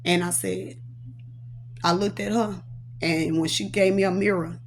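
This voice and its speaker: A woman's voice: on the low side, steady tone, unhurried, slight background noise. Earnest woman telling her testimony. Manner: earnest, emotional, recounting in quoted dialogue. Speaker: prophetess. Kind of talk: personal testimony storytelling.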